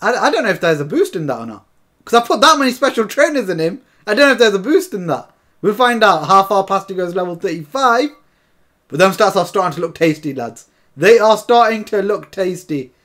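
A man giving excitable, chatty commentary over a football video game, often calling to his viewers as lads. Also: high-pitched, fairly quick. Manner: chatty, keeps calling viewers lads, bursts into shouts and laughs. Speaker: gaming YouTuber.

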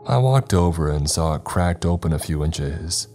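A man narrating a first-person scary story in a calm, measured, scripted way. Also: rumbling low. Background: faint background music.

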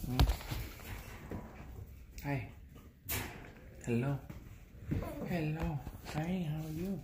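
A man talking softly in doting baby talk to a litter of puppies at home. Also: a little high, animated, extremely slow, long pauses. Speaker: puppy breeder. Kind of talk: cooing at puppies. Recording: noisy home recording.

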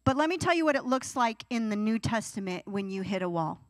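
A woman's voice: mid-range voice, fairly quick, dry recording. A young adult woman preaching a youth sermon, acting out whiny teenage pleas as she goes. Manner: animated, acts out whiny teenage voices. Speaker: youth pastor.

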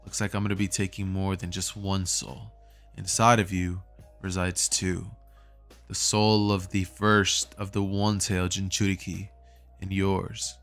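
Man putting on a cold, deep, hushed reaper ninja for a fan story, low and threatening. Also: level tone, measured pace, soft background music. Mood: cold menace. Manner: low, quiet and menacing. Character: cold menacing half-reaper young male ninja. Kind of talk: fan storytelling with voiced characters.

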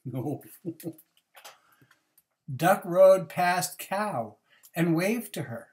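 A woman reading a picture book aloud, pausing for chatty asides to young listeners. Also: on the low side, animated, a little mellow. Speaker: reader.

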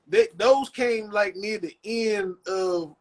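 A man's voice: high-pitched, slow, a little hiss or hum. A man co-hosting a podcast over a video call, talking casually in a loose, slangy and profane way with frequent restarts. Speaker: podcast co-host. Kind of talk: casual chat.

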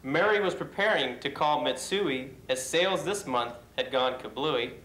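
A man reads a rhyming holiday poem in a steady, measured voice pitched a little high. The room gives a clear echo. A light hiss runs underneath. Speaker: poem reader in a company video. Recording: echoey room.

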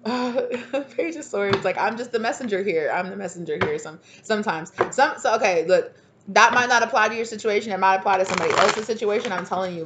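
A woman's voice: medium pitch, background noise. A woman giving a casual channeled tarot reading, sassy and slangy, laughing at herself. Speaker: tarot reader.

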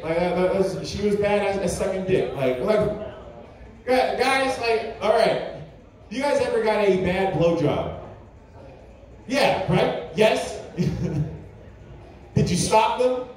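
High-pitched guy doing crude stand-up, sounds far from the mic in a super echoey club. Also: expressive, takes it slowly. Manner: crude, rambling, filler-heavy. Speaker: stand-up comedian. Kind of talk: stand-up comedy set. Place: comedy club stage. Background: audience laughter.

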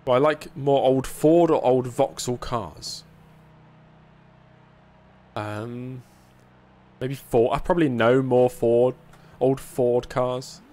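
A man's voice: mid-range voice, fairly even intonation, takes it slowly, pauses often, dark tone. A man giving casual live commentary while sim racing and chatting with viewers, with dry self-mocking humor.

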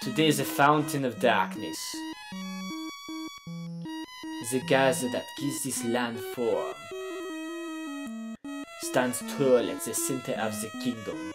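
A solemn young prince of darkness, as a man puts him on, speaking with a clumsy fake French accent and a gentle, grave manner. The prince's voice sits at an ordinary middle pitch. Game music plays clearly behind him. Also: lively intonation, unhurried, natural voice. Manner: bad put-on French accent. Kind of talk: reading game dialogue aloud.

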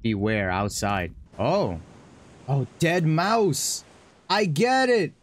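A man streaming a horror game, joking, excitable and laughing often. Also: a little high, drawn-out words, a little hiss or hum. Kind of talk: horror game let's play commentary.

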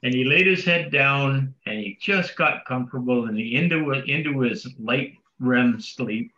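A man in a church study group telling a relaxed anecdote, stumbling over a few words. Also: medium pitch, a little slow. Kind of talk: casual storytelling. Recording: dull sound in a roomy space.

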